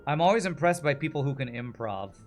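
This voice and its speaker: A man's voice: fairly high pitch, lively intonation, fairly quick, slight background noise. A male streamer chatting casually while he plays, in a jokey, self-deprecating way. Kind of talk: casual chat while playing a game.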